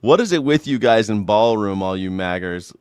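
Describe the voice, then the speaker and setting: A man's voice: fairly low pitch, animated, normal speed, clean tone, no room sound, studio quality. A man hosting a live political call-in show, ranting sarcastically with profanity and mocking voices while reacting to chat. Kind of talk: comedic political rant with chat callouts.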